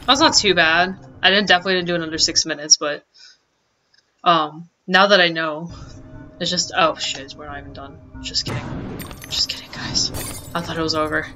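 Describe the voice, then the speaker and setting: With faint music behind, this let's play gamer speaks at a moderate pace in a bright, forceful mid-range voice. Their casual commentary is full of exclamations, quick frustration, and laughter at their own slip-ups.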